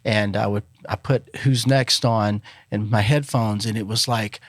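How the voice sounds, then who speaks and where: A middle-aged man, a musician guest telling relaxed stories in a casual interview, with many fillers. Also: fairly low pitch, unhurried, no echo. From Alabama, US.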